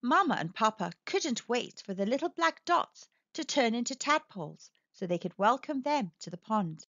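A woman reads a children's picture book aloud in a bright, animated, fairly high voice that rises and falls, at normal speed. Her expressive storytelling is aimed at young listeners, and the dry recording is slightly dull and muffled, with no room sound.

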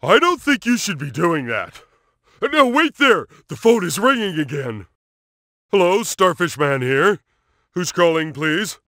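An actor playing a dim, cheerful cartoon starfish who plays at being a superhero, with a goofy, childlike and emphatic way of talking. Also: male voice, high-pitched, very animated, measured pace, pushed and bright, no room sound, studio quality, heavily acted. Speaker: video game character. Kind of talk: cartoon game voice clips.

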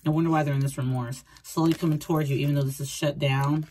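A woman's voice: deep voice, fairly even intonation, fast talker, warm tone, a little hiss or hum. A woman doing a casual tarot reading, rambling and repeating herself as she talks through the cards. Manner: chatty, rambling, repeats phrases, acts out quoted thoughts. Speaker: tarot reader.

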